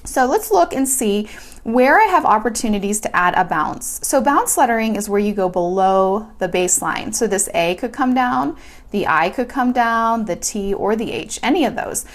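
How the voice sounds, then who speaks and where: A woman's voice: medium pitch, animated, moderate pace. A woman teaching a hand-lettering lesson, talking casually and chattily while she sketches and explains each step. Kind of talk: casual hands-on tutorial.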